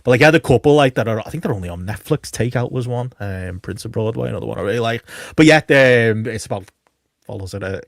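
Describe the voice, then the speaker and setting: A man co-hosts a podcast in easy casual chat, enthusiastic and rambling, with many ums along the way. His voice sits at a middling pitch and the recording is close and dry. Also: fast, creaky, no room sound. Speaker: podcast co-host.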